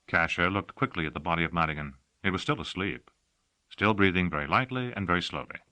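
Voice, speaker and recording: A man narrating an audiobook with expressive storytelling. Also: low voice, fast, no echo. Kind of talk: scripted narration.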